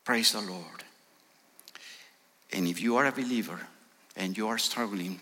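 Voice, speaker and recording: Slow, impassioned preacher in a reverberant church. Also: male voice, lowish voice, pushed and bright. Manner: impassioned, rising to urgent pleading prayers. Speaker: guest preacher. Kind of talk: sermon. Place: church sanctuary. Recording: long church hall reverb.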